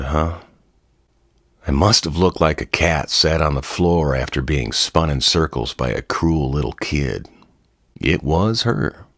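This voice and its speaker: Low-voiced guy telling his own story, wry and chatty, dry close sound. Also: gravelly, a bit bright, no echo. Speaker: narrator. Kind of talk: first-person story narration.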